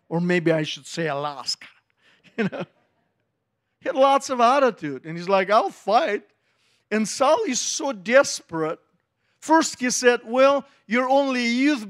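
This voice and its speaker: A middle-aged male pastor, preaching a sermon and telling the story with lively acted-out voices. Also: sits high. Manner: animated storytelling, acting out voices of biblical figures.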